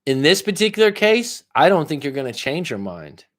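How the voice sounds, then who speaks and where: A man's voice: a little high, sing-song, fairly quick. Blunt, profane male life coach. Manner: emphatic, repeats questions to push the listener. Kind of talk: live coaching advice.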